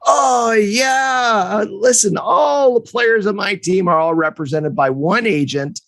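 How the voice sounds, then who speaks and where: A man's voice: sits high, slow, gravelly, a bit bright, no echo, pitched above the performer's own voice, full character voice. A man voicing a brusque middle-aged male hockey coach who talks in a curt, dismissive way. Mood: brushing off.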